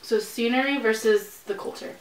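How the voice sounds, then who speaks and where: Higher-voiced giggly young woman guest. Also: fairly even intonation, moderate pace. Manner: giggly, teasing, asks lots of questions. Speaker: guest vlogger. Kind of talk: casual mukbang chat. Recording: echoey room, mic at a distance, faint noise.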